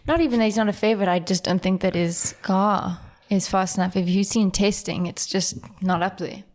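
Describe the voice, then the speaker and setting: A woman's voice: mid-range voice, fairly quick, a little mellow. Easygoing young woman. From South Africa. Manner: easygoing, laughs often. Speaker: podcast co-host. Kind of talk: casual chat.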